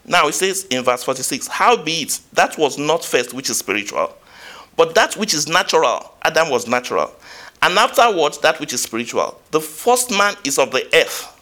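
A man preaching a sermon, asking the congregation questions and reading scripture aloud, swinging between loud emphatic peaks and quiet asides. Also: on the high side, big pitch swings, normal speed.

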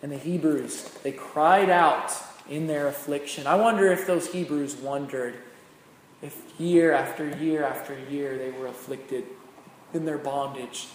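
A man preaching a sermon, swinging from loud, emphatic peaks to hushed, slow phrases. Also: a little high. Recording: echoey hall with long reverb, faint noise.

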